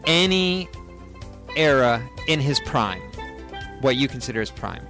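A man co-hosting a crude studio talk show, tossing in brisk, coaxing interjections. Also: medium pitch, very animated, music in the background. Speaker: co-host. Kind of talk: casual studio chat.

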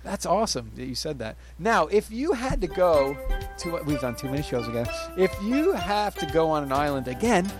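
A man hosting a crude studio talk show, loud and profane, rambling and laughing a lot. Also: fairly high pitch, sing-song, normal speed, music in the background. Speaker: radio show host. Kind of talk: crude casual studio chat. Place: radio studio.

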